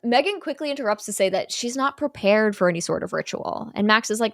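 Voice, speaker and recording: A woman's voice: mid-range voice, expressive, fairly quick, creaky, few pauses, dry recording, clean studio sound. A young woman casually retelling a movie plot to a co-host, with lots of fillers and light quoting of characters. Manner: chatty, many "like" fillers, quotes characters lightly. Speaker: podcast co-host recapping a film.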